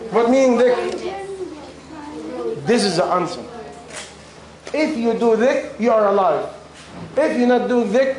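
A man teaching a class in simple, broken English, repeating questions to his students while losing his voice. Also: very high voice. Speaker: religious teacher. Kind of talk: question-and-answer class talk. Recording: very echoey room, far from the mic, ambient noise.

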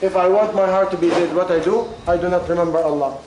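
A man's voice: sits high, fairly even intonation, quick pace. A man teaching a class in simple, broken English, repeating questions to his students while losing his voice. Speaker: religious teacher. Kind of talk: question-and-answer class talk. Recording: very echoey room, far from the mic, ambient noise.

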